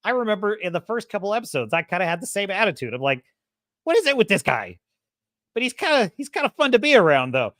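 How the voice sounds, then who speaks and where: A woman's voice: mid-range voice, racing, few pauses, dry recording, clean studio sound. A woman hosting a podcast, ranting in a sarcastic, casual way, laughing often and mimicking characters. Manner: animated, swings loud and soft. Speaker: podcast host. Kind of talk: casual opinionated rant.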